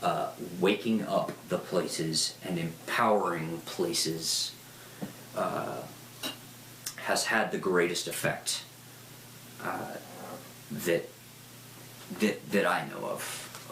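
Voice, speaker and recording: A man with a low voice tells rambling, profane stories at a slow, unhurried pace. His voice echoes in a roomy space. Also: slight background noise. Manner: rambling, profane, lively storyteller. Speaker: speaker. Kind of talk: casual storytelling talk. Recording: roomy echo.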